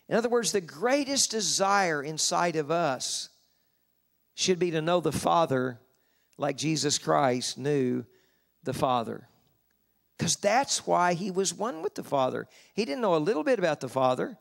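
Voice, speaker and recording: Man preaching, gravelly and a bit high, slows right down on the scripture bits. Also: lively intonation. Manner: slows down to read scripture, rises in pitch for emphasis. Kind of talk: sermon. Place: convention hall.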